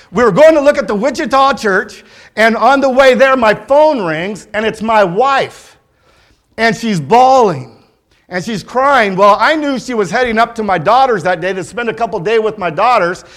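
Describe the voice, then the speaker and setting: A middle-aged male pastor delivers a sermon with a notably high-pitched voice. He drives his points home by repeating key phrases, slowing down and leaning on the words he wants to stress. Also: a bit bright. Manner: emphatic preaching with repetition and slow stressed phrases.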